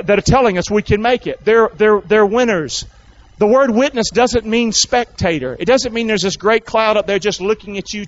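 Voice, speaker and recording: Before a packed church, a pastor with a high-pitched male voice preaches an animated sermon. He repeatedly calls out to the congregation, coaxing and urging them to answer back. The audio is dull and lo-fi.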